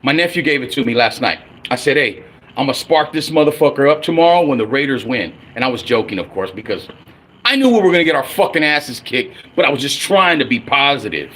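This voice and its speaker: A man's voice: medium pitch, expressive, brisk, fairly bright tone. A man in his forties ranting angrily and profanely as a fan on his own livestream. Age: 40s. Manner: angry, profane, blunt. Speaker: livestream host.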